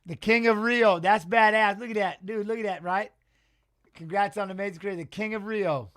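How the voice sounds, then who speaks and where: Reacting with excitement and replying to chat messages, a man runs a live watch-along stream in a casual, conversational way. His voice is high and his delivery brisk.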